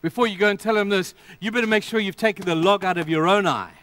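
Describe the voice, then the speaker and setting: High-voiced, emphatic preaching man. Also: quick pace, dry recording. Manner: emphatic preaching with sudden drops to quiet intensity; addresses the congregation directly. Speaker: pastor. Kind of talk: sermon.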